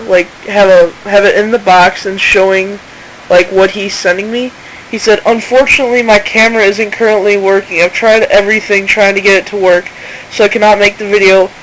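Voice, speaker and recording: A woman's voice: medium pitch, a bit bright, a little hiss or hum, low-quality recording. A woman in casual screen-recording commentary who talks informally and indignantly and reads messages aloud. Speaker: channel owner exposing a seller.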